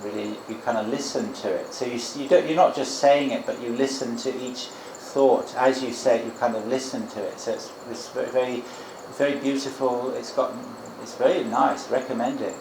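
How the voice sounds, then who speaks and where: A man teaching as a Buddhist monk, giving an informal dharma talk and guided meditation in a gentle, musing way with frequent restarts. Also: medium pitch, steady tone, normal speed, hardly any pauses, background noise. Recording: echoey room with loud crickets. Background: crickets and insects.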